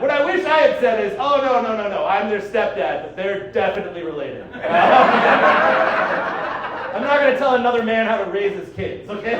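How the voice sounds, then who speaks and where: A man performing a stand-up set on a club stage, brash and profane, mocking himself and laughing at his own jokes. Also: very high voice. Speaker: stand-up comedian. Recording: echoey club recording, heard from a distance, with noise. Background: audience laughter.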